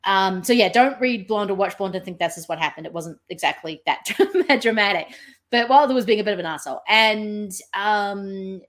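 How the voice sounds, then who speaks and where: A woman's voice: mid-range voice, normal speed, fairly bright tone. A woman who is a guest on a podcast, chatting casually about films, thinking aloud with lots of ums and acting out quotes as she goes. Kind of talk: casual film review chat.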